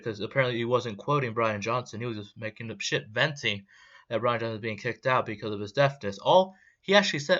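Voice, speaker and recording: A man's voice: medium pitch, a bit bright. A young man ranting angrily in a vlog, swearing and rambling in a heated way. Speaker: vlogger. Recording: dull lo-fi sound.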